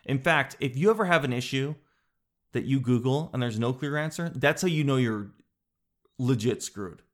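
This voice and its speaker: A man's voice: medium pitch, moderate pace. A man who hosts a podcast and does stand-up comedy. He talks in a casual, rambling, joking way and swears now and then. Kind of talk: casual solo podcast chat.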